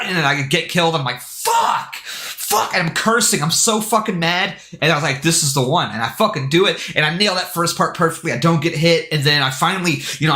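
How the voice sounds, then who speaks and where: Excitable swearing male streamer, echoey room. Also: fairly high pitch. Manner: excitable, heavy swearing and filler words. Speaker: game streamer. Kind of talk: casual livestream storytelling.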